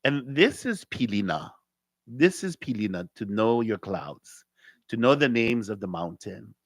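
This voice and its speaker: Hawaiian guy giving a spiritual talk, pitch bouncing all over, dry close sound. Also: a little slow, no echo. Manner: lively, repeats key phrases, acts out dialogue. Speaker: Hawaiian cultural teacher.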